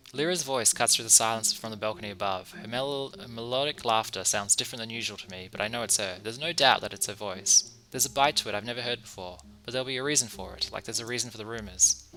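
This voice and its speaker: A man's voice: fairly low pitch, fast talker, bright, forceful tone, soft background music, rough recording. A man reading a visual novel aloud, mixing the narration with amused asides about what he sees on screen. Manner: reads narration then breaks off for amused asides. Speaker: streamer playing a visual novel.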